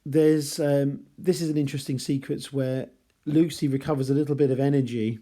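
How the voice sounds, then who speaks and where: A man's voice: mid-range voice, fairly even intonation, normal speed, dark tone. A man teaching a chapter-by-chapter novel analysis in a casual, rambling way, correcting himself and apologising for slips. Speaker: literature teacher.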